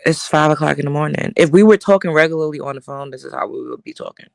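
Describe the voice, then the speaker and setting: Woman, relaxed, sleepy, low-key chat, gravelly voice, dry sound. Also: quick pace, no echo. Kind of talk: casual chat. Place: at home in bed.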